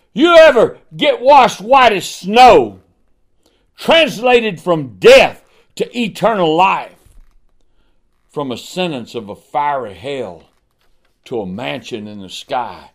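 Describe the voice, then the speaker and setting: Impassioned preacher swinging from hush to shout. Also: male voice, sits high. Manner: dramatic swings from hushed to ringing emphasis; rhetorical questions and repeated refrains. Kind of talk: sermon.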